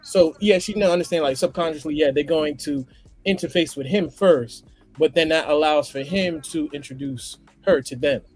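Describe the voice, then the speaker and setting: A high-voiced man from Brooklyn chats on a podcast, telling stories in an animated, storytelling manner. Faint music plays behind his voice. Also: moderate pace. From Brooklyn, New York. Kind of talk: casual conversation.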